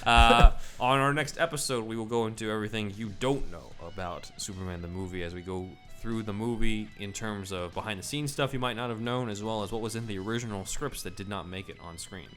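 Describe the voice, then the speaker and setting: Low-voiced man co-hosting a podcast. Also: fairly bright tone, soft background music. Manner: affirming and informative, quick "mm-hmm"s. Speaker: podcast co-host. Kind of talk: casual chat.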